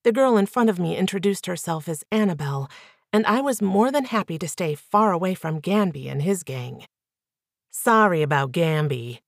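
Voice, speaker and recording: A woman reading a first-person novel aloud as an audiobook narrator with clear, even storytelling. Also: fairly low pitch, fairly quick, dry recording, clean studio sound.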